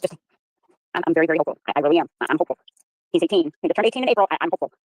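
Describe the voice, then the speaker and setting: A woman's voice: sits low, racing, no echo. A middle-aged woman in casual chat, talking in a chatty, candid, emphatic way. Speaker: chat participant.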